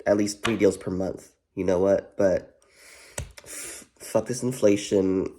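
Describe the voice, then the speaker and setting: A man's voice: sits low, fairly even intonation, slow pace, dark tone, slight background noise. A man vlogging in a rambling, profane way, full of "you know what" fillers and repeats. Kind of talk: casual rambling commentary.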